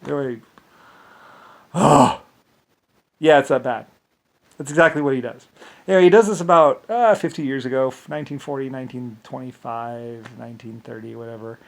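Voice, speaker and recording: A man's voice: medium pitch, normal speed, creaky, pauses often, low-quality recording. A man in a casual, rambling rant, scornful, full of restarts and fillers.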